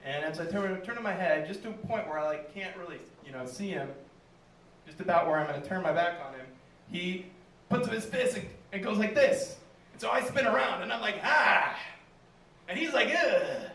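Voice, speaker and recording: A man's voice: high-pitched, brisk, fairly bright tone. A man telling a stand-up story in a small venue, acting out quoted lines and laughing at his own jokes. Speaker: stand-up comedian. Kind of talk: stand-up comedy set. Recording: echoey room, mic heard from a distance.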